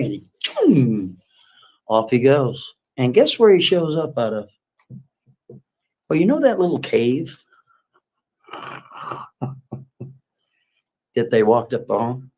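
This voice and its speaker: A man's voice: mid-range voice, a little mellow. Brief: a man hosting a live stream, telling a story in an easy, rambling, folksy way. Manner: rambling, folksy, with lots of asides. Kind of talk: casual storytelling.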